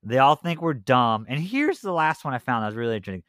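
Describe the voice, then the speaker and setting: A man's voice: medium pitch, very animated, quick pace, fairly bright tone, no room sound, studio quality. A young man co-hosting a casual podcast, telling stories loosely with lots of fillers. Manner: rambling, loose storytelling with many fillers. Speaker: podcast co-host. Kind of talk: casual chat.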